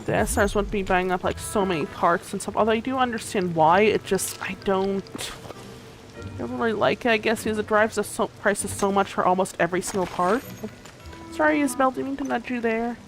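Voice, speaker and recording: A woman's voice: mid-range voice, brisk, faint music behind. A young woman livestreaming a game, chatting casually and a bit sleepily, rambling with lots of fillers and restarts. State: sleepy, yawning. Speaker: gaming streamer. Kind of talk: casual livestream chat while gaming.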